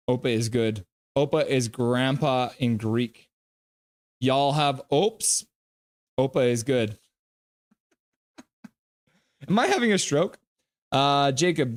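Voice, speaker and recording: Man, live stream host, play-by-play, casual chat reading, jokey banter. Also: mid-range voice.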